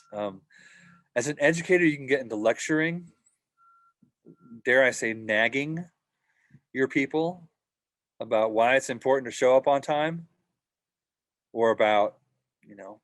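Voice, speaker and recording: A man's voice: mid-range voice, animated, moderate pace, long pauses, fairly bright tone, no room sound. A man teaching a worship team workshop in a casual, conversational way, often acting out short voiced examples.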